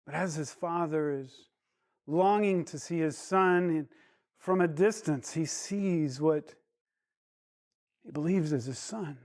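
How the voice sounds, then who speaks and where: A male Bible teacher retells a parable in a storytelling manner, wandering off on side digressions before returning. His voice sits high for a man and he takes his time. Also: takes it slowly, long pauses, darkish tone. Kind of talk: Bible study lesson.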